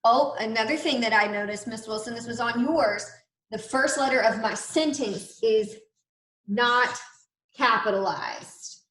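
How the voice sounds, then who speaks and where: Animated woman teacher in an echoey room. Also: fairly high pitch. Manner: animated, questioning, drawn-out emphasis. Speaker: elementary school teacher. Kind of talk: classroom grammar lesson for children.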